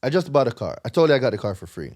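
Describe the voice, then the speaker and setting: Man, Jamaican accent, podcast guest, emphatic, lecturing, profane, mid pitch. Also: big pitch swings, rapid-fire, darkish tone. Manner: emphatic, lecturing, swears freely. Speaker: podcast guest, credit repair author. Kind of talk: casual podcast chat.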